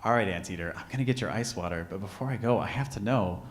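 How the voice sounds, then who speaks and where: A man voicing a patient, professional male bartender in a joke told to a live audience, speaking in a calm, reassuring way. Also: fast talker, in a large hall, natural voice. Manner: calm, reassuring, low-key.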